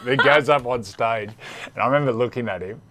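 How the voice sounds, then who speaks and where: A man's voice: medium pitch, fairly quick, heavy background noise. A middle-aged Australian man, a former rugby league player, telling cheeky anecdotes in a laconic, laughing way. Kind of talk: casual storytelling chat.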